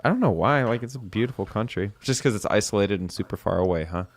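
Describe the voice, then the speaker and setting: A man's voice: lowish voice, lively intonation, quick pace. An American man hosting a podcast over a video call, chatting loosely and laughing often. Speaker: podcast host. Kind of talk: casual chat. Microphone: remote video call.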